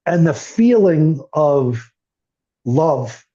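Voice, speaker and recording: This is muffled, lo-fi audio of an older man appearing as a podcast guest, telling how he recovered with earnest emotion. He has a dark tone on the high side, speaks very slowly, and is very animated.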